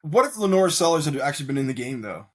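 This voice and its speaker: A man's voice: on the high side, big pitch swings, fast talker. A man co-hosting a casual sports talk show who makes dry, sarcastic asides. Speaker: co-host.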